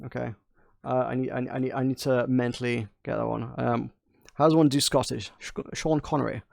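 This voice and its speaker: A man's voice: mid-range voice, level tone, fairly quick, gravelly, a little mellow, dry recording. A male streamer reading a game aloud live, rambling to himself and stumbling over his words in a playful way.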